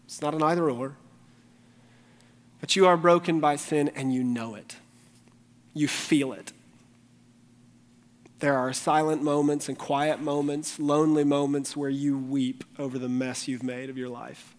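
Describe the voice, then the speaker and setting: A man's voice: a little high, steady tone, unhurried, long pauses. A male pastor preaching a morning sermon, speaking earnestly and pleading directly with his congregation. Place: church sanctuary during a morning service. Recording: long reverb of a large hall.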